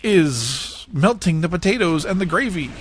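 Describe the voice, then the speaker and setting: A man hosting a podcast, retelling a cartoon scene by scene in a casual, animated way with frequent chuckles. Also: high voice, normal speed, a little hiss or hum. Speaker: podcast host.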